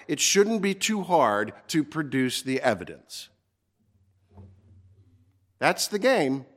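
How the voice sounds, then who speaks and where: A male pastor delivering a sermon in a slightly higher-than-usual voice. He preaches with earnest emphasis and slows down to drive key words home. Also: fairly bright tone.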